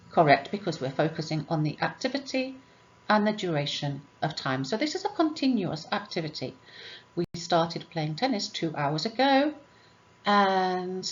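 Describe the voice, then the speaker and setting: A woman's voice: mid-range voice, slight background noise. A woman teaches English grammar, working through numbered exercises and asking questions before answering them herself. Her voice sits in a middle register, and she keeps a patient, explanatory tone. The recording sounds a little dull and lo-fi.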